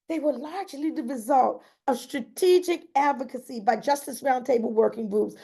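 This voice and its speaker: Earnest woman reading her memoir, gravelly. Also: fairly high pitch, a little mellow. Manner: earnest, emotional, breaks off into personal comments. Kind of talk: reading aloud with spontaneous asides.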